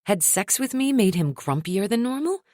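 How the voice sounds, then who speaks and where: A woman narrating a first-person romance audiobook in an expressive, wry storytelling manner. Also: mid-range voice, moderate pace, dry recording, studio quality.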